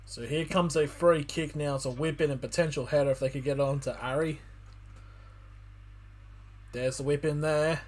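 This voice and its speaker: A man's voice: a little high, fairly even intonation, moderate pace, long pauses. A young man giving casual live commentary on a football match for a stream, tired and rambling with lots of fillers. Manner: rambling, with many fillers and restarts. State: tired, yawning.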